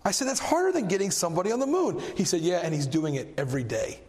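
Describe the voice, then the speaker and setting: A man preaching a sermon, telling a story with animated energy and a voice that climbs when he gets excited. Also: high voice, fast. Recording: long hall reverb.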